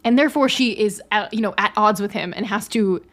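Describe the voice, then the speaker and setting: A woman's voice: medium pitch, brisk, fairly bright tone. A woman in her late twenties co-hosting a book podcast, bubbly and giggly as she retells scenes. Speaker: podcast co-host. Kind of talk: casual podcast chat about a book.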